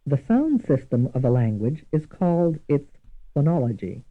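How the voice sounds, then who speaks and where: A man giving scripted instructional narration for a language course, measured and deliberate, repeating each example word twice. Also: on the high side, very animated. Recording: tinny lo-fi archival course audio.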